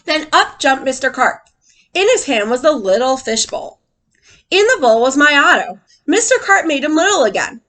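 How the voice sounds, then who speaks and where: A woman teacher reads a picture book to children and keeps stopping to quiz them. Her voice is high and bright, with a very lively pitch. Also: normal speed. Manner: animated, asks the children questions.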